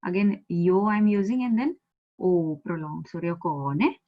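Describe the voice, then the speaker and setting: A woman from India with an Indian English accent, teaching a Japanese lesson over a video call, patiently repeating words slowly for learners. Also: medium pitch, expressive. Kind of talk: online language lesson. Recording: slightly muffled video call audio.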